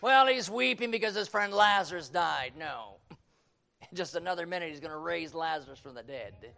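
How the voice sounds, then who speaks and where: A man preaching a sermon, quoting scripture and swinging from hushed tones to shouting. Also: a little high, expressive, moderate pace, creaky. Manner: quotes King James scripture.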